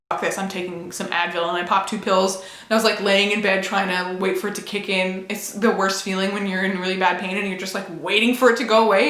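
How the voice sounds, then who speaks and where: Young woman, candid casual vlog chat, playful sound effects, mid pitch, echoey home room. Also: a bit bright. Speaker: vlogger.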